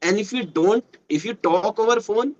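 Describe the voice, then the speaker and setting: A man's voice: high-pitched, moderate pace, dull audio. A man from western Uttar Pradesh with an Indian English accent and Hindi as his first language. He explains things patiently in casual conversation practice and often repeats words while he searches for phrasing.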